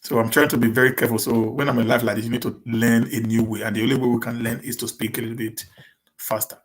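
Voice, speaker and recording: Hosting a casual live Q&A, this Nigerian man from Edo State speaks at medium pitch with a flat delivery, sprinkling in Pidgin English. He stammers and starts words over, rushing ahead on purpose to avoid getting stuck.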